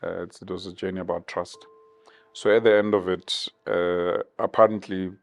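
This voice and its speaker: A man in his fifties from South Africa, giving measured, thoughtful interview answers with many pauses. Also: sits low, little pitch movement, vocal fry. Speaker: interview guest.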